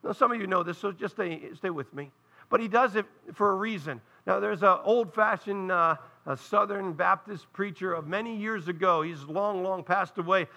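A man preaching in an earnest, explanatory way, often turning to his congregation with direct asides. His voice sits high for a man and rings very bright and sharp. He sounds like a pastor in the pulpit. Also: normal speed, vocal fry. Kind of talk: sermon.

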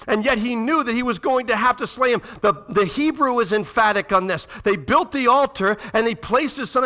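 A man preaching a sermon to a congregation, reading scripture aloud and swinging from loud, urgent passages to hushed, dramatic ones. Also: very high voice, normal speed, few pauses. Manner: reads scripture aloud, addresses the congregation directly. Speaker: pastor.

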